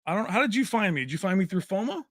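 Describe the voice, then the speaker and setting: A man hosts a relaxed livestream, reading viewer comments aloud in a chatty, joking way. His voice sits a little high and sounds bright and forward. The sound is close and dry, with no room echo. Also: racing. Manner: chatty, reads names and places aloud, jokey. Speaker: livestream host.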